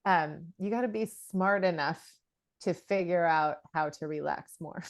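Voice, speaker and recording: A woman's voice: fairly low pitch, unhurried, no room sound. A woman in her forties co-hosting a podcast in casual chat, chatty and laughing often, with many fillers and restarts. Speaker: podcast co-host.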